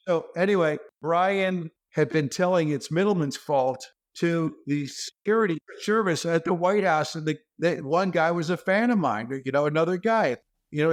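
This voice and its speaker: Brief: male comedian guest, higher voice, animated self-deprecating storyteller on a video call. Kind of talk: comic storytelling.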